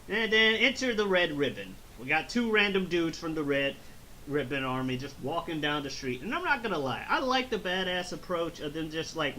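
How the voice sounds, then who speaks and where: An animated man chats through a movie recap, bouncing his voice up and down as he slips into silly voices. His tone is bright and forceful, and he sits a little higher than most men. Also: slight background noise, poor audio. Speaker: movie review podcast host. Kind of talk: casual review chat.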